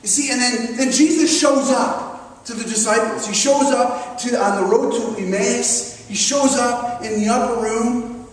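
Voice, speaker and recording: Male pastor, very high voice, emphatic sermon delivery, recorded from a distance in a big reverberant hall. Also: unhurried. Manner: emphatic, acts out the disciples and Thomas. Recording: echoey hall recorded from far off.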